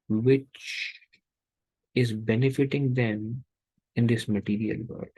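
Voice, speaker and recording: Gravelly-voiced man teaching a scripture class. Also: mid-range voice, darkish tone, no room sound, low-quality recording. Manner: rhetorical, acts out inner voices.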